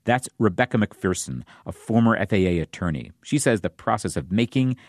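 A man's voice: lowish voice, very animated, a little fast, no room sound, clean studio sound. A male reporter narrating a scripted radio news story.

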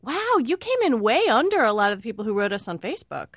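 Woman radio host, slightly high voice, dead-dry studio sound, friendly, teasing. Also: big pitch swings, quick pace, no echo. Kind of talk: radio interview hosting.

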